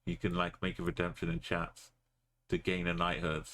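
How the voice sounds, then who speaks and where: A man's voice: sits low, monotone, normal speed, vocal fry, a bit bright, a little hiss or hum. A man streaming a map game, talking in a rambling, jokey way. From Britain. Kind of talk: casual gaming commentary.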